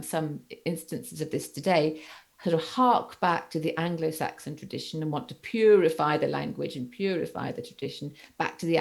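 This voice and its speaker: A woman teaches a literature class online in a deep voice with plenty of vocal fry. She works her ideas out aloud, restating them and pausing to ask whether her students follow. She sounds like a lecturer thinking on her feet. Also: darkish tone. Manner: explanatory, rephrasing points and checking in with "okay?". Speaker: university lecturer.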